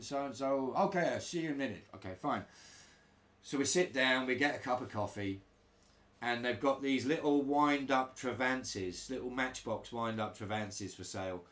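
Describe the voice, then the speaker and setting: A middle-aged man casually telling a road-trip anecdote, acting out other people's voices. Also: mid-range voice. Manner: animated, acts out broken-English voices of others. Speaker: storyteller recalling touring life.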